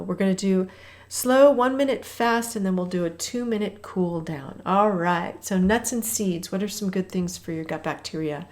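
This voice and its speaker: A woman's voice: medium pitch, moderate pace, a little mellow. A woman in her fifties, a health coach hosting a walking workout, chatting and calling out intervals while she walks, a little breathless at times.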